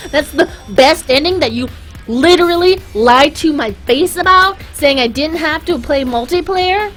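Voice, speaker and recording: A woman's voice: sits high, fairly bright tone. A woman streamer ranting angrily and profanely while playing a video game live, mimicking people in sarcastic quotes.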